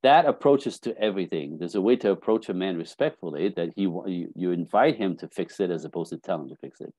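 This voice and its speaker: Middle-aged guy coaching on a podcast, low mellow voice, acts out little conversations. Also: quick pace, no echo. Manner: animated storytelling, acting out dialogue. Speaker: dating coach guest.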